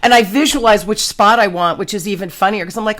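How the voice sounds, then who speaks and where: A woman hosting a podcast, chatting casually and telling stories in an animated, exclamatory way. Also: medium pitch, quick pace. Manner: animated storyteller, exclamatory, slangy. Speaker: podcast host. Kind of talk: casual chat.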